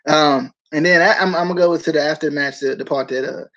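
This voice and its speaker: Casual male podcast host, slightly high voice, laughs and trips over his words. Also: steady tone, fast talker, a bit bright, highs cut off, a little hiss or hum. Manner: laughs often, rambling with many restarts. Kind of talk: casual chat.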